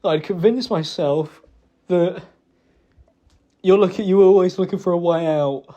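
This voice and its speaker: A young man giving a halting, self-reproachful personal apology, emotional and close to tears, hesitating with many fillers. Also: high voice, dark tone. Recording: dull lo-fi recording.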